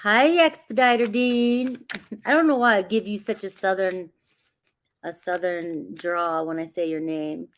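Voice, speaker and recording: A woman hosts a casual tarot livestream, chatting warmly, greeting viewers by name, and laughing often as she offers reassuring, grounding spiritual guidance. Her voice is lowish and her pace a little slow.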